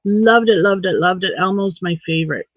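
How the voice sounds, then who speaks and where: On a live stream, a man crochets and chats casually, muttering his stitch counts under his breath and greeting viewers by name. His voice sits high and moves at a normal speed, and the recording is dry and tinny, like a phone, with no room sound.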